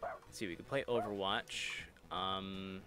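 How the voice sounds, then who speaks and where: A man's voice: sits low, fairly even intonation, a little slow. A man chatting casually on a live stream, giving short, agreeable replies. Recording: stream audio with game music behind. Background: game music.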